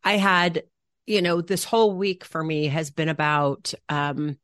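Low-voiced reflective woman co-host. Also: unhurried, a bit bright. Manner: reflective, storytelling, searching for words. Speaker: podcast co-host. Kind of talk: casual chat.

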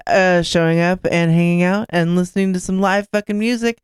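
A podcast co-host talking casually and deadpan, swearing offhandedly as they read the show out. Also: mid-range voice, a little fast, a little hiss or hum.

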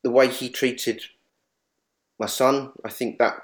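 A man in speedway journalism, sharing memories of a late colleague in a halting, repetitive way, often restarting sentences. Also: medium pitch, fairly even intonation. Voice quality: halting, many restarts and repeats. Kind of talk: emotional tribute reminiscence.

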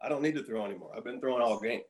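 A man in his fifties, a former pitcher, telling stories as a podcast guest and acting out quoted lines. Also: racing. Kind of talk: casual storytelling.

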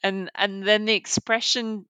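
A woman's voice: medium pitch, level tone, measured pace, bright, forceful tone, clear, resonant tone, no echo. An Australian woman co-hosting a podcast, chatting enthusiastically and thinking aloud as she talks. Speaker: podcast co-host. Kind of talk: casual chat.

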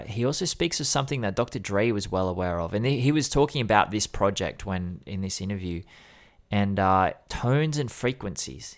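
Deep-voiced guy talking music, lots of ums and restarts, laid back chat. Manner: rambling, filler-heavy, self-correcting. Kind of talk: casual music discussion.

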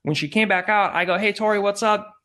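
A man, a podcast guest, casually telling an animated story and acting out the dialogue, peppered with "like" and "I go". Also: high-pitched, fast talker. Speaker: podcast guest, former celebrity news field producer.

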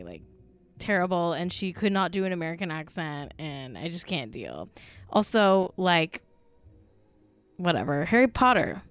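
Animated gossipy woman podcaster. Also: fairly low pitch, clear, resonant tone, dry recording. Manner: gossipy, blunt, lots of "like". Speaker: podcast co-host. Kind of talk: casual chat.

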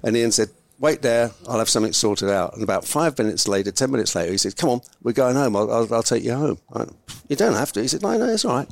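A man's voice: mid-range voice, fast, gravelly, no room sound. An older man, a podcast guest, telling a long rambling anecdote and acting out the voices of the people in it. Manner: rambling, animated, acts out quoted voices. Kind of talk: casual storytelling.

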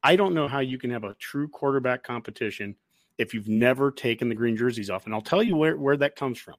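A man co-hosting a sports podcast, talking in a casual, animated way and getting worked up as he goes. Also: medium pitch, brisk, no room sound. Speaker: podcast co-host.

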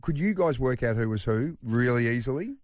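A man's voice: medium pitch, lively intonation, fairly quick, darkish tone, no echo, clean studio sound. A man, hosting a casual TV chat and playfully teasing his guests. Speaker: TV host.

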